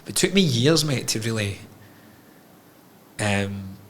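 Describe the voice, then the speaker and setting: A man's voice: lowish voice, lively intonation, takes it slowly, slight background noise. A man, a podcast guest telling his own story candidly, frank and emotional, swearing freely.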